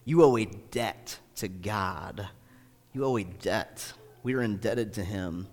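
A man preaching a sermon in a conversational style, swinging between booming emphasis and hushed, intimate asides. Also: takes it slowly. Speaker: pastor. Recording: echoey hall.

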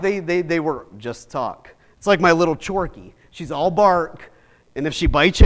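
A middle-aged man preaching in a high voice, telling stories in a lively, chatty way. He swings from easy, casual asides into animated retellings, keeping the sermon conversational. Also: normal speed. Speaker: pastor.

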